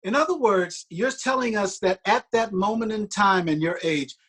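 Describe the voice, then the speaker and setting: Brief: man, enthusiastic interview host, husky, wide-ranging pitch, eager recaps. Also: lively intonation, normal speed, fairly bright tone. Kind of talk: casual interview.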